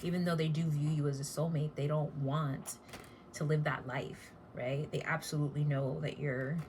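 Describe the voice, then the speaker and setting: A woman's voice: deep voice, fairly even intonation, moderate pace, a little mellow, slight background noise. A woman giving a casual tarot reading, blunt and chatty, with casual swearing. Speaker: tarot reader.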